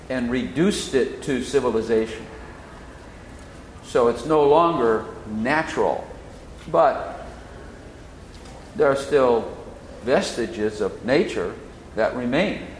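A man teaching the Bible in sermon style, slowly explaining and repeating key phrases. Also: mid-range voice, lively intonation. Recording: echoey hall, faint noise.

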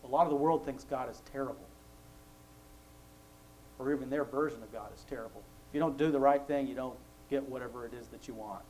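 A man talks through his faith in an easygoing, conversational way. He tells his stories with frequent laughs and keeps his pitch in a middle range. A faint hum sits underneath the recording. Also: quick pace, warm tone, poor audio. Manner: chatty storytelling, laughs often, acts out quoted voices. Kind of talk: casual faith talk.

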